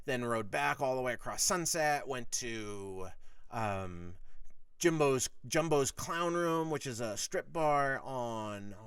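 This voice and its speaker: Recorded from a distance with a clean tone and no room sound, a middle-aged man from the United States speaks slowly in a mid-range voice. Hosting his podcast, he spins a long, profane story in casual monologue, vividly performing heated quotes from arguments.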